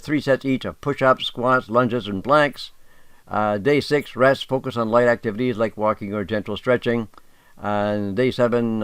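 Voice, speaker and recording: A man's voice: on the low side, fairly bright tone, smooth, no room sound. An older man, talking casually and emphatically as host, reading aloud with asides. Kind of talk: casual monologue.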